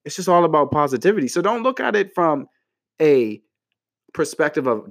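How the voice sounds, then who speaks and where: Very animated at a normal speed, a young man casually dishes out slangy, playful relationship advice to the camera. Mock outrage sends his pitch jumping up.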